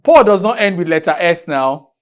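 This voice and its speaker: A man's voice: high-pitched, lively intonation. A man from Nigeria teaching an English grammar lesson in a classroom, writing on a board, drawing out key words and firing questions at his students. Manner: drawn-out, emphatic teaching with repeated questions to students.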